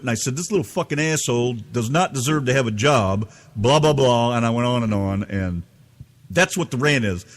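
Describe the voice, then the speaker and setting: A man from the United States telling an angry, profane story as a podcast co-host. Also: medium pitch. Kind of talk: ranting storytelling.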